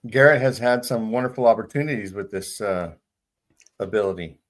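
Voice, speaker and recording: A man hosts the conversation in a low voice. He breaks in with dry, wry jokes before steering the talk back on track. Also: brisk. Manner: dry, joking asides. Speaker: host. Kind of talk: conversational interview.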